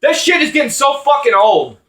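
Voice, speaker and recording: A man's voice: very high voice, big pitch swings, fairly quick, bright, forceful tone, roomy sound, far from the mic. A man ranting angrily about wrestling, swearing often and rambling with restarts. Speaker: wrestling commentator vlogger. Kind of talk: angry profane rant.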